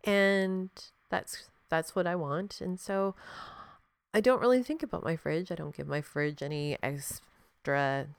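A woman hosts a podcast in a loose, reflective monologue, talking frankly and straight to the listener. She swears freely and laughs often. Her voice sits fairly low, and the sound is dry and close. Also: unhurried, vocal fry, clear, resonant tone, no room sound. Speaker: podcast host.

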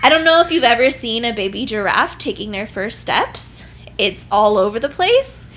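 A woman's voice: a little high, very animated, normal speed, a bit bright, a little hiss or hum. A pregnant young woman telling an embarrassing story in casual chat, laughing often and swearing freely.

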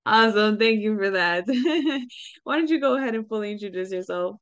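A woman's voice: mid-range voice, animated, moderate pace, smooth. A woman hosting an interview, chatty and upbeat, who opens the show and introduces her guest. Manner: upbeat, chatty, laughs easily. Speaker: host.

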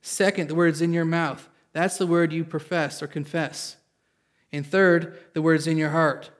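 A preaching man with a slightly high voice delivers an earnest sermon to a church congregation. He reads scripture aloud, explains it in everyday words, and keeps asking his listeners for an amen. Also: level tone, unhurried. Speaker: pastor.

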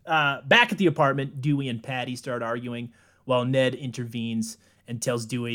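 A man's voice: medium pitch, steady tone, normal speed, a bit bright. Chill young guy retelling a movie plot, laughs a lot, swears, mid voice. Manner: laid-back, laughs often, swears. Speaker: podcast co-host. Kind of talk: casual movie recap chat.

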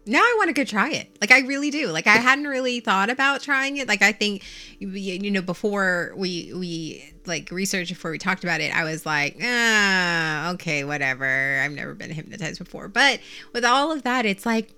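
A woman's voice: mid-range voice, lively intonation, moderate pace, pushed and bright. A woman co-hosting a casual podcast chat, giggly and talkative with many filler words. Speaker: podcast co-host.

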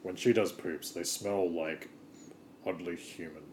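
A man's voice: low-pitched, steady tone, measured pace, a little mellow, a little hiss or hum. A man co-hosting a comedy podcast, meandering loosely in casual chat. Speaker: podcast co-host. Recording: roomy echo.

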